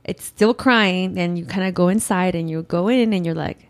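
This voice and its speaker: A woman in her thirties in casual chat, an animated storyteller who acts out quotes. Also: lowish voice, normal speed. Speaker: podcast co-host.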